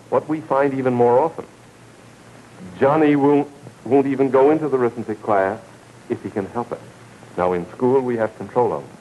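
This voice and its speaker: A man lecturing to camera, in a lowish voice that is measured and deliberate. He circles back and repeats key words to drive points home. A faint hiss sits under the old recording. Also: darkish tone, low-quality recording. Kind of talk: televised lecture.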